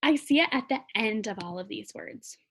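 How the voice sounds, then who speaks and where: A woman's voice: on the high side, expressive, moderate pace. A young adult woman teaching a classroom phonics lesson in a patient, sing-song teacher voice.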